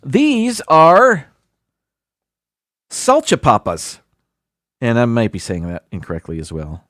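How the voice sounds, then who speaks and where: A man's voice: mid-range voice, huge pitch swings, moderate pace, a bit bright, dry recording, clean studio sound. A man hosting a casual livestream, reading a countdown list aloud with chatty asides and self-deprecating stumbles over foreign words. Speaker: livestream host.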